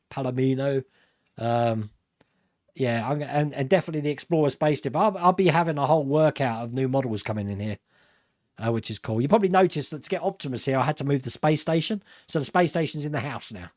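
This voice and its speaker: A middle-aged British man with a British accent hosts a live stream, chatting casually through viewer comments in a fairly high, slightly mellow voice at a fairly quick pace. The sound is clean studio quality with no echo, and he rambles, laughs often, and mocks himself.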